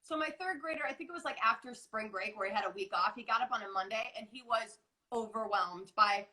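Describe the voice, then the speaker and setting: A woman in her forties talks earnestly over a video call in a high, bright voice. She rambles with many restarts. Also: quick pace, poor audio. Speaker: guest wellness coach. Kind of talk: casual live interview chat.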